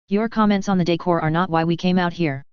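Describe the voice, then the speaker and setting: A sardonic young wizard with a smooth drawl, read by a woman. The voice sits lowish and is very clean. The recording is dull and dry. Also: steady tone, fast talker, dry recording, lightly acted.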